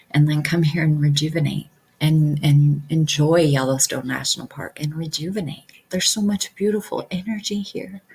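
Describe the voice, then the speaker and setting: Casting note: woman practitioner, low breathy voice, earnest and unhurried. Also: darkish tone, low-quality recording. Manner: earnest, repeats affirmations, many fillers. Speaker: QHHT practitioner. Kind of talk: casual talk to camera.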